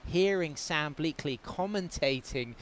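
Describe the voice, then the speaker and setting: A man's voice: fairly high pitch, unhurried, a bit bright, slight background noise. A man with an English accent doing live play-by-play commentary on a surfing contest. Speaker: surf commentator.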